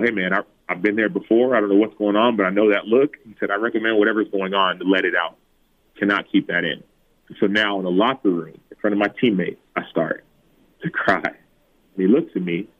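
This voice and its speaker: A low-pitched man in his thirties tells his story as an interview guest, sounding thin and phone-like. He acts out the quoted lines in a lively, higher voice. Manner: animated retelling, acting out quotes in a higher voice. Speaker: guest, former football player. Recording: tinny phone-like remote line.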